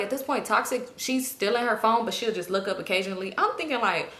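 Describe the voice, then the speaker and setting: Brief: young woman storyteller, high voice, exasperated and profane, roomy echo. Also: expressive, quick pace, hardly any pauses, fairly bright tone. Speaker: YouTuber storyteller. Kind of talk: casual storytime.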